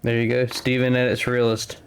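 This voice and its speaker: A man's voice: medium pitch, monotone, fairly quick, soft background music. Man, stream co-host, casual and chatty, jokes easily. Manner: chatty, joking, open about his life. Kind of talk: casual live-stream commentary.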